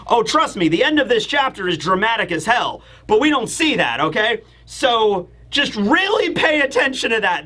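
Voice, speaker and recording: A man giving a casual, rambling video review, animated and talking straight to his viewers. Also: extremely high pitch. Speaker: manga reviewer.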